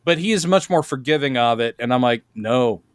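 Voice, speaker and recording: A man hosting a casual podcast chat, opinionated and animated as he tells stories, on a close podcast mic. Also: medium pitch, quick pace, smooth, dry recording. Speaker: podcast host.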